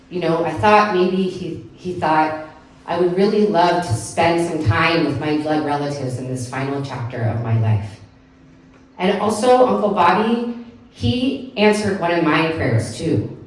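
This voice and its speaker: A woman with a somewhat low voice tells a personal story on a live stage, earnest and heartfelt, often saying "like." She sounds distant from the mic. The room around her rings with a lot of echo. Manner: earnest, heartfelt, with frequent "like" fillers. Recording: echoey room, picked up from far off.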